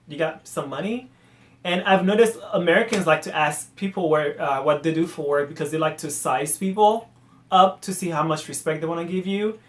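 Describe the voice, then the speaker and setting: A man rants on his solo podcast in a high-pitched voice. He is animated and exasperated, then drops to quiet mutters. The room around him rings with a noticeable echo. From Haiti. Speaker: podcast host. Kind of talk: casual solo rant.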